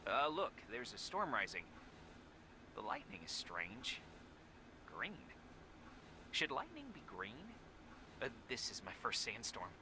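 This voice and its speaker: A man's voice: mid-range voice, huge pitch swings, slow, pauses often, sharp tone, slight background noise, full character voice, rough recording. An actor playing a plump, gossipy, eager male company official in a video game, who drops to a whisper to share secrets. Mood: chatty.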